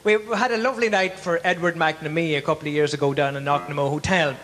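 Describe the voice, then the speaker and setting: A man's voice: fairly high pitch, steady tone, fast, a bit bright, soft background music. A middle-aged man with a Northern Irish accent telling jokes and giving a tribute as compère at a live event, chatty and laughing at his own punchlines. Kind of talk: stage joke-telling and tribute speech. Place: live venue in front of an audience. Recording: echoey hall.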